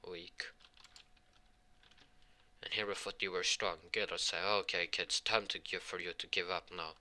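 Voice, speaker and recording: Rambling man with a sharp, bright voice. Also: sits low, fairly even intonation. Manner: rambling, halting delivery with many restarts; voices the characters' lines in his own voice. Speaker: fan fiction storyteller. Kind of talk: improvised fan fiction storytelling.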